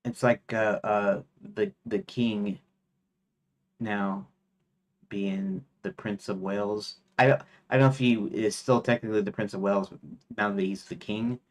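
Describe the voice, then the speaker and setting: A man's voice: lowish voice, fairly even intonation, unhurried. A man streaming his game development work, rambling casually with lots of fillers and restarts, reading items off a list. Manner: rambling, thinks aloud with many fillers and restarts, reads lists off screen. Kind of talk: casual rambling devstream talk.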